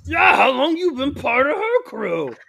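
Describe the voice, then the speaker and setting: A man voicing Albert, a burly young sailor who shouts and gets worked up fast. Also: very high voice, vocal fry, pitched above the performer's own voice, heavily acted. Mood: indignant. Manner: loud, shouting, excitable.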